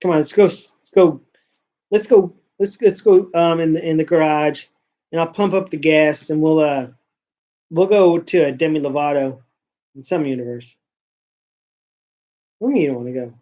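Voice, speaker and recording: A man's voice: a little high, normal speed, long pauses, mellow. A man hosting a casual talk show, ranting and rambling with lots of swearing. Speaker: podcast host. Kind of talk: casual rant. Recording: dull lo-fi sound.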